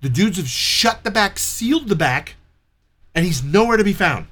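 A man telling a story in casual chat, animated and profane, acting out the people in it. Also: sits high, moderate pace. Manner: profane, animated retelling with quoted dialogue.

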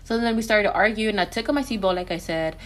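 A woman's voice: medium pitch, fast talker. A woman guest talking in a candid, rambling way, full of filler words, in a casual podcast conversation.

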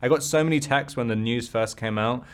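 A man with a British accent answering interview questions, thinking aloud with pauses and ums. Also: mid-range voice, smooth. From Britain. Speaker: interview guest, actor.

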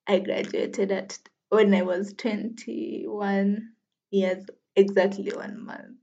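A young woman in her twenties chats alone into her podcast mic, mid-pitched and easygoing. She laughs a lot and teases herself as she rambles. The recording sounds a little dull and lo-fi. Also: level tone, slow, creaky, mellow. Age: 20s. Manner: chatty, laughs often, self-deprecating. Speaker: podcast host. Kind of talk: casual solo podcast chat.

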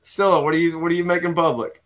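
A man's voice: a little high, little pitch movement, fast talker, fairly bright tone. A man hosting a casual fishing chat show, loose and joking, heavy on slang. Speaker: host.

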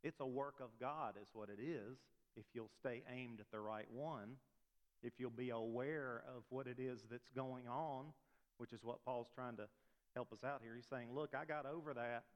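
Male pastor, mid-pitched voice, chatty sermon delivery with rhetorical questions, long hall reverb. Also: fairly even intonation, moderate pace. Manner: conversational preaching, frequent rhetorical questions.

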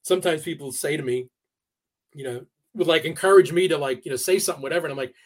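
A man with a fairly high voice tells a long personal story in a relaxed interview. He talks in a halting way, with frequent restarts and fillers as he gathers his thoughts. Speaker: podcast guest. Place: New York area.

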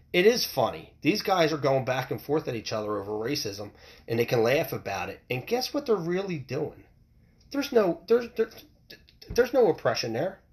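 A middle-aged man from the United States hosting a solo podcast, ranting in a heated, profane way with many restarts and repeated words. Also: mid-range voice. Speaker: podcast host. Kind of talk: opinionated solo podcast rant.

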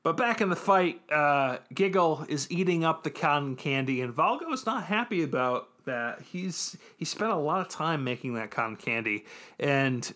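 A man's voice: a little high, animated, moderate pace, bright, forceful tone. A man casually recapping an anime episode on a podcast, loose and joking, with plenty of ums and restarts. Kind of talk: casual chat.

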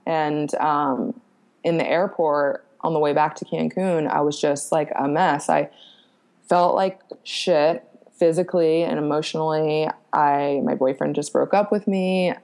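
Low gravelly-voiced woman telling her story. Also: steady tone, measured pace, a little mellow. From Pennsylvania, USA. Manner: frank, lots of fillers, swears casually, laughs at herself. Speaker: podcast guest. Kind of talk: candid personal storytelling.

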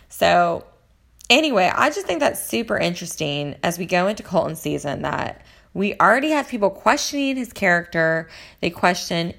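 A woman with a lowish voice and a lot of vocal fry, talking in casual chat. She rambles on about reality TV in a gossipy tone. Her talk is full of fillers. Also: big pitch swings, normal speed, fairly bright tone. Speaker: reality TV commentator.

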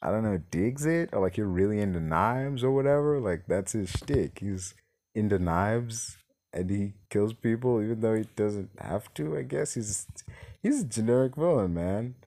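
A man's voice: on the low side, animated, normal speed, warm tone. A man hosting a podcast, giving a casual movie review as an exasperated, rambling rant. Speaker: podcast host.

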